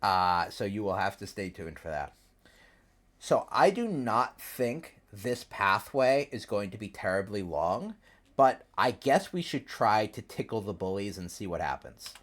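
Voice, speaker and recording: Male streamer, animated and rambling, casual live commentary over a desk mic. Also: on the low side, a little slow. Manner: chatty, rambling, lively, reads characters aloud. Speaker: streamer playing a story game. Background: faint game piano music.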